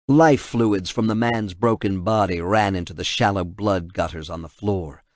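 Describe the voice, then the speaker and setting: A man reading an action novel aloud in steady, measured audiobook narration. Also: on the low side, dry recording, clean studio sound.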